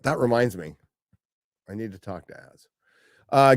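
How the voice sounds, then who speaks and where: A man's voice: lowish voice, normal speed, pauses often, no echo, clean studio sound. A middle-aged man hosting a livestream, reading out viewer questions and answering in a blunt, profane way, often repeating phrases for emphasis. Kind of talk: casual profane livestream chat.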